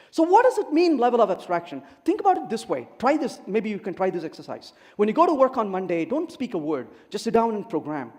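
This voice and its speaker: A man giving a humorous technical talk at a conference, telling stories and acting out dialogue. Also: sits high. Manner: animated storyteller acting out dialogue. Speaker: conference speaker. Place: conference hall. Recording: echoey conference hall.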